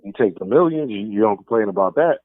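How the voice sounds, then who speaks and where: A man's voice: lowish voice, animated, quick pace, no room sound. A man from New York with a New York accent, hosting a casual sports talk radio show in a streetwise, opinionated way. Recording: dry, phone-like narrow band.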